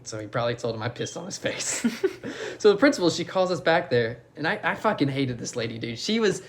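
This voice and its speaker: A man's voice: fairly high pitch, brisk, a little hiss or hum. Laughing young man telling a crude story. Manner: laughs through his own story, crude and animated. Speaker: podcast co-host. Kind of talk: casual storytelling among friends.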